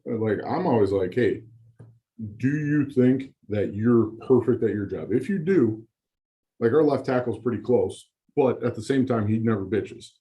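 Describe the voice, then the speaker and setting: A man's voice: medium pitch, animated, unhurried, dark tone, lo-fi sound. A man talking as a guest offensive line coach, in a loose, rambling casual way. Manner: loose and rambling, many fillers and restarts. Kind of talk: casual chat.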